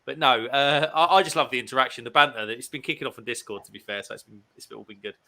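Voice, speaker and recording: A man's voice: medium pitch, fast talker, creaky, pushed and bright. A man hosting a casual livestream with friends over a video call, joking and reading out chat comments. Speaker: livestream host. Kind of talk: casual banter.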